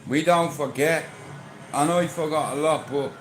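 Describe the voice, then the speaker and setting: A middle-aged Irish man with a slightly raised voice rambles through stories, swearing at every turn. His tone is blunt and casual. He sounds like he is in an echoey room with steady noise behind him. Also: a little high, measured pace. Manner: blunt, swears constantly, tells rambling anecdotes. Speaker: podcast host. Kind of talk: casual storytelling chat.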